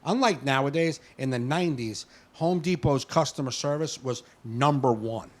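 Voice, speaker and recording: Man, podcast co-host, casual chat, swears a lot, animated storyteller, mid-pitched voice. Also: normal speed.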